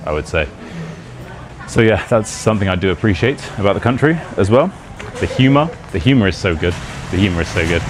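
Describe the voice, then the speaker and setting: A British man talking casually to camera in a chatty, rambling way, laughing often as he teaches about his country. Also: deep voice. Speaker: British English teacher and YouTuber. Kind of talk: casual vlog talk. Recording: outdoor street noise behind.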